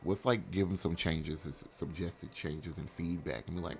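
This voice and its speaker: A man rambles and jokes through casual gameplay commentary. His voice is low and gravelly and lively in pitch, and he takes it slow. Faint game music plays underneath. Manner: rambling, joking, many fillers. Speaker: let's play host.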